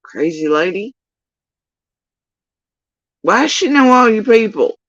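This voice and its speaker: A woman's voice: medium pitch, big pitch swings, slow pace, no room sound, highs cut off. A woman hosting a livestream, ranting in casual, sarcastic and profane reaction commentary. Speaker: livestream host.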